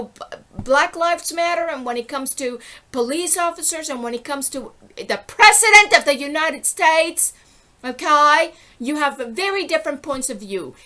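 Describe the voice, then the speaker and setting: A woman's voice: high-pitched, sharp tone. A middle-aged woman giving an impassioned, rambling personal monologue, indignant and often breaking off to ask "okay?". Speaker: vlogger.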